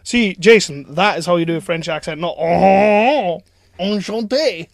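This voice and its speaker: Young male co-host, jokey and profane, bright high voice, very dry close mic. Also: fairly quick, no room sound. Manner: jokey, laughs often, swears freely. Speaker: podcast co-host. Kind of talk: casual banter.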